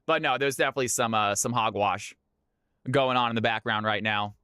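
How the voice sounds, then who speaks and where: A man's voice: medium pitch, brisk, pushed and bright, smooth, no room sound, clean studio sound. A man hosting and casting a live game stream, chatty and hyped, laughing often as he talks to viewers. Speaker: stream host and caster. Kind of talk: casual live-stream chat.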